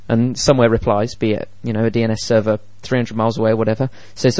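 A man co-hosting a casual tech podcast, explaining things in an animated way and acting out quoted dialogue. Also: mid-range voice, quick pace, few pauses, no room sound. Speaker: podcast co-host.

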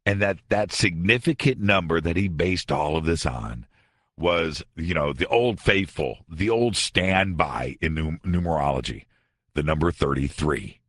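A man's voice: a bass voice, animated, unhurried, a bit bright, slightly rough, dry recording. A man hosting a late-night radio talk show, delivering a sarcastic, conversational monologue from a studio.

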